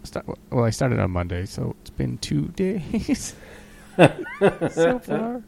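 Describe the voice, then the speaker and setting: A man's voice: mid-range voice, big pitch swings, unhurried, creaky, dark tone, slight background noise. A man co-hosting a casual podcast, rambling through profane stories and acting out the people he quotes. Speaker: podcast co-host. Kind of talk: casual crude chat.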